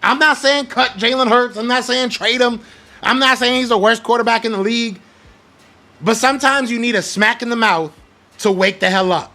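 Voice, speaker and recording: A young man with a high, bright voice and a gravelly fry, ranting about sports. He talks blunt and slangy, hammering his points with fired-up emphasis between chat shout-outs. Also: normal speed. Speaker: podcast host. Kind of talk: heated sports rant, reading live chat.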